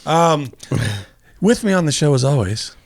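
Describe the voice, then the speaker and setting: On his comedy podcast, this man banters casually and jokes with co-hosts, laughing a lot in an animated way. His voice is fairly high and unhurried, with no echo.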